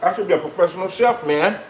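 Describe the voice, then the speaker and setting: Man hosting a live kitchen stream, talks to the viewers as he cooks; slightly high voice, roomy sound with faint background noise. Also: a little fast. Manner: chatty, patois-tinged asides to viewers. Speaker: cooking show host. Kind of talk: live cooking stream chat.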